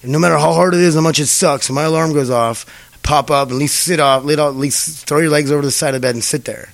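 Fast-talking casual man, dry close sound. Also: on the high side, fairly even intonation, gravelly, dry recording. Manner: rambling, profane, laughs often. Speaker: podcast host. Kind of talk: casual chat.

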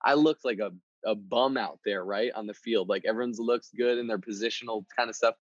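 A man's voice: fairly low pitch, fairly quick, no room sound. Man telling a story, dry dull sound. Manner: energetic, conversational, repeats words. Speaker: motivational podcast host. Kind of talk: casual storytelling.

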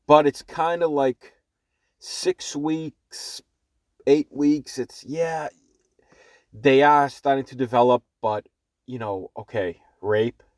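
A man's voice: mid-range voice, darkish tone, no room sound, studio quality. A man with a thick Boston accent hosting a solo podcast off the cuff from his parked car, rambling with lots of fillers and blunt swearing, recorded on an earbud mic. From Boston, Massachusetts. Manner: rambling, many fillers and restarts, blunt and profane. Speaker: podcast host.

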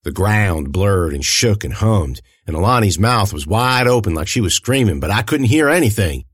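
A man narrating a first-person audiobook in an expressive, lively storytelling manner. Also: on the low side, normal speed, breathy edge, dry recording.

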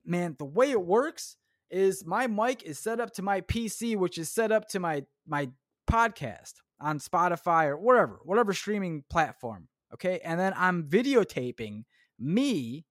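A man's voice: sits high, lively intonation, a little slow, no echo, studio quality. A man hosting a solo podcast, rambling casually and tossing in "man" and "dude.". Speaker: podcast host. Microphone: clip-on shirt mic.

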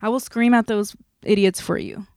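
A woman's voice: medium pitch, steady tone, normal speed, a little mellow, dry recording, studio quality. A woman hosting a podcast, talking in a blunt, emphatic way with lots of swearing. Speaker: podcast host. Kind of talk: casual chat.

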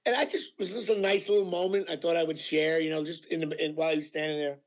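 A male actor telling anecdotes in a casual interview, animated and full of fillers, acting out what people said. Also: on the high side, fast talker. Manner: animated storyteller with many fillers, acting out quotes. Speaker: actor guest.

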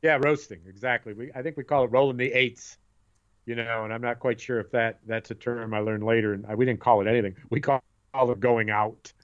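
A man's voice: mid-range voice, fairly even intonation, a little fast, highs cut off. A middle-aged man in casual chat, telling rambling stories and repeating his words as he goes.

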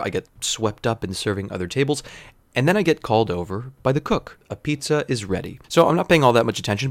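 A man in his thirties telling a comedic story with wry, digressive deadpan asides. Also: mid-range voice, no echo. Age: 30s.

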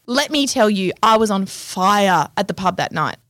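A woman's voice: medium pitch, lively intonation, moderate pace, a bit bright, no echo, clean studio sound. A young woman co-hosting a podcast, chatty and cheeky, bragging and swearing casually. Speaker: podcast co-host. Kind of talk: casual chat.

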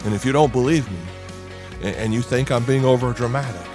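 A middle-aged pastor preaching a sermon to parents, earnest and dramatic, slowing down and pausing for emphasis. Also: male voice, mid-range voice, over music.

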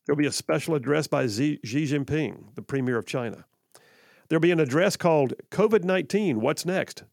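A man's voice: medium pitch, gravelly, no echo. A man hosting a political talk radio show, delivering an emphatic, folksy monologue full of sarcastic asides into a studio microphone.

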